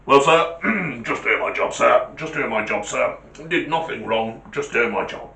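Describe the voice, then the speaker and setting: Man playing a dutiful Alsatian guard dog, clipped formal manner, loud and punchy, echoey room. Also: mid-range voice, measured pace, vocal fry. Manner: clipped, formal, keeps saying sir.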